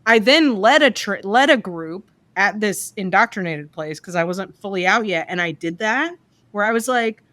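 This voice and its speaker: A woman's voice: mid-range voice, expressive, normal speed, a bit bright, no echo. A woman therapist co-hosting a podcast, talking candidly about her work with frank, exasperated asides. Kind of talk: casual chat.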